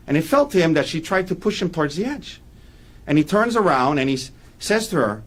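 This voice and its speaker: A man's voice: a little high, big pitch swings, a little fast. A man giving a courtroom opening statement as defense attorney, emphatic and repeating key points for weight.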